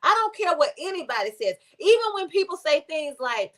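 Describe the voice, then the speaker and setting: A woman's voice: sits high, very animated, a little fast, hardly any pauses. A woman pastor, preaching conversationally and telling a story with rising fervor.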